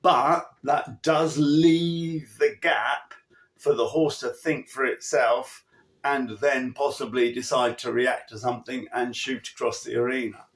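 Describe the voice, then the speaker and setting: A man's voice: medium pitch, fairly even intonation, measured pace. A man who trains horses, giving an emphatic, chatty riding lesson and acting out his cues to the horse. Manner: chatty, with restarts and asides. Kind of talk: instructional talk.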